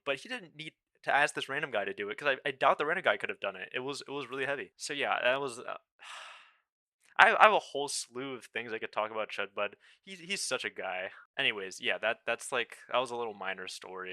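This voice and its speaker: A man's voice: mid-range voice, sharp tone, no echo. A young man telling a rambling, casual work story full of fillers and wry asides. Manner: rambling, filler-heavy, wry self-deprecating. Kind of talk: casual anecdote monologue.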